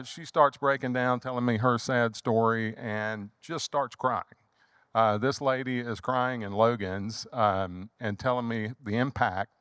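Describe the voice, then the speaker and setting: A man in his thirties with a Southern drawl tells a family story in an animated, lively way, jumping up in pitch whenever he acts out what someone said. His voice sits in a middle register. The sound is close and dry, with no room behind it. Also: smooth, no room sound. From Louisiana. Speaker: guest, funeral home owner. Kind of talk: storytelling in casual chat.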